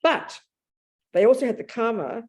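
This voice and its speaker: A woman's voice: on the high side, lively intonation, moderate pace. A woman in her seventies, a Buddhist nun teaching a dharma talk in a blunt, plain-spoken way, often restarting her sentences and acting out inner thoughts. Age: 70s. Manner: acts out inner speech vividly.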